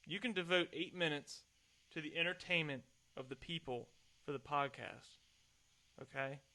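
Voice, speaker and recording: A man's voice: a little high, normal speed, bright, forceful tone. A young adult man hosting a solo podcast, chatting in a rambling, self-deprecating way at a desk mic. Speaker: podcast host.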